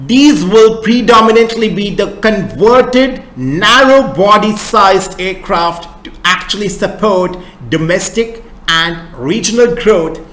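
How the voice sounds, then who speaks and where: A man's voice: high voice, pushed and bright, echoey room, poor audio. A man giving an earnest, repetitive explanatory lecture on economic news and addressing viewers as friends. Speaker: economics educator.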